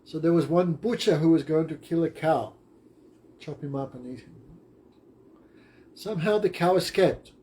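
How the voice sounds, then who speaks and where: A man's voice: a little high, normal speed, long pauses, dark tone. Brief: male teacher, storytelling in class, plain and simple, light background noise. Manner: simple, short-phrased retelling.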